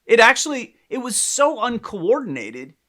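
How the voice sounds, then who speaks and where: A man's voice: extremely high pitch, big pitch swings, moderate pace, sharp tone. A man co-hosting a podcast, telling a story in casual chat with lots of laughs and restarts. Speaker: podcast co-host, psychologist.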